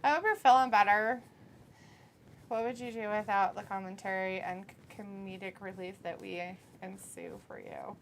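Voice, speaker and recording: A woman's voice: medium pitch, fairly even intonation, moderate pace, creaky, a little hiss or hum. A woman co-hosting a live watch-along, casually reading viewer comments aloud, laughing often and swearing freely. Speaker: co-host of a wrestling watch-along.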